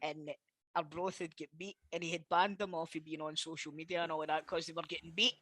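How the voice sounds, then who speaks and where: A man's voice: a little high, flat delivery, fast, sharp tone. A Scottish man co-hosting a football podcast, arguing his point and swearing in casual banter. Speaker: podcast co-host.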